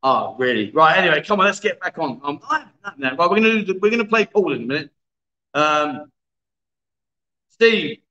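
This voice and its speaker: Male livestream host, middle-aged, high bright voice, jokey and chatty. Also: animated, fairly quick, pauses often, dull audio. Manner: chatty, joking, reads viewer comments aloud. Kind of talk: casual livestream chat.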